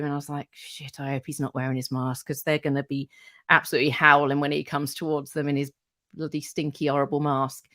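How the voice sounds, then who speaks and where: A talkative woman in her forties, a radio presenter telling stories as a podcast guest. Her voice sits a bit low, and her delivery rambles with fillers, restarts and casual swearing. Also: a bit bright, no room sound. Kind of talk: casual anecdotal chat.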